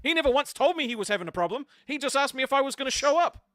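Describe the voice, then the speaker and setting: Fast aggrieved man, bright dry voice. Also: very high-pitched, expressive, dry recording. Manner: aggrieved, defensive, swearing. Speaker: co-host of a stream. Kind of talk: heated argument on stream.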